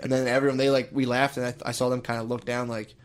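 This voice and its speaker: Fast-talking young man swearing casually. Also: medium pitch, little pitch movement. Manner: profane, laughing, acts out quoted people. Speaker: podcast co-host. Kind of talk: casual storytelling chat.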